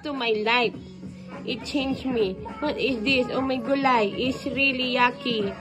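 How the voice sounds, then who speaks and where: A woman's voice: high voice, a little slow, over music. A mother voicing her baby girl's bewildered thoughts. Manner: mock-bewildered commentary. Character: baby girl's confused inner voice.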